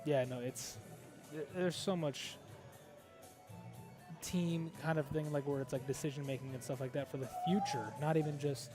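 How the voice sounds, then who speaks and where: A man's voice: fairly high pitch, fairly even intonation, moderate pace, over loud music. A man giving live play-by-play pool commentary, analytical and thinking aloud with frequent fillers. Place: pool hall.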